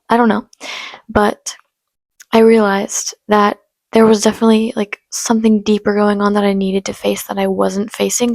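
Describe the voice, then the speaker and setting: A young woman hosting her own podcast, talking in a casual, unedited chat that is soft, confiding and full of fillers. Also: mid-range voice, no echo. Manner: chatty, filler-heavy, soft and confiding, with frequent laughs. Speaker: podcast host.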